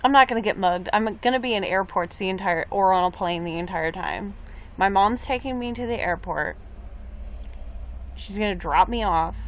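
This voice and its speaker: A woman's voice: medium pitch, normal speed. A young woman chatting casually on a live stream, rambling about a trip and reading viewer comments aloud. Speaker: livestreamer.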